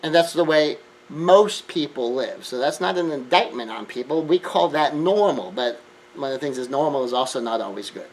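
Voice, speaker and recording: An earnest man giving a self-help lecture at a mid-range pitch. He drops into hushed asides and then rises to emphatic points. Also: moderate pace, poor audio. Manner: earnest, emphatic, shifts between hushed and raised. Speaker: speaker.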